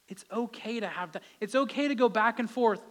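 A man's voice: extremely high pitch, brisk. A male pastor giving a conversational sermon, his voice rising with emphasis at key points.

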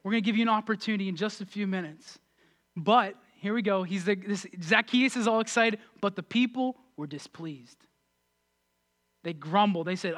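A man preaching a sermon as pastor, energetic and animated, swinging between loud excited passages and quiet asides. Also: high-pitched, normal speed.

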